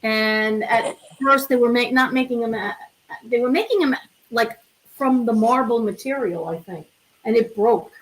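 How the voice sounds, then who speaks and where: Chatty woman host reminiscing, fairly high. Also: moderate pace, poor audio. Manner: chatty, eager reminiscing with fillers. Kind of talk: casual chat.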